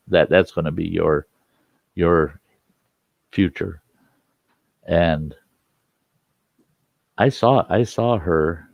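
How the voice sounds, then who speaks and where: A deep, gravelly older man spins a folksy yarn, slipping into the voices of the people he quotes. The sound is dry and close but dull and lo-fi. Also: a little mellow, dry recording. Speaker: storyteller host. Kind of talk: casual spoken storytelling. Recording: dull lo-fi recording.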